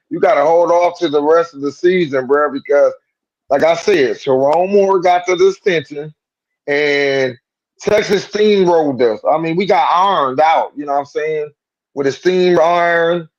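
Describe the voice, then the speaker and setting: A man co-hosting a sports call-in show, talking in a loose, slangy, animated way and riffing on jokes. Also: on the high side, muffled recording. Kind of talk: casual sports talk.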